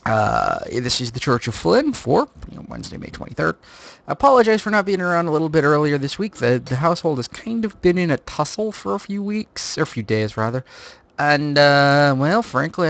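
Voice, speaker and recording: A man's voice: a little high, vocal fry, no echo. A man streaming a game live, chatting casually in a rambling, jokey way and swearing freely. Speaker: livestreamer.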